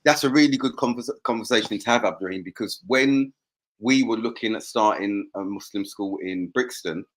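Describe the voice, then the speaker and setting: A man co-hosting a podcast, speaking in a measured, earnest way with pauses. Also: fairly low pitch. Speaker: podcast co-host. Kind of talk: casual discussion.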